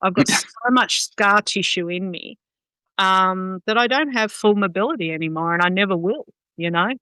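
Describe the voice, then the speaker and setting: A middle-aged woman, a dog trainer chatting as a podcast guest, frank, quick to laugh and swearing freely. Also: medium pitch, sharp tone, clear, resonant tone, no echo, poor audio. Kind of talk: casual podcast chat.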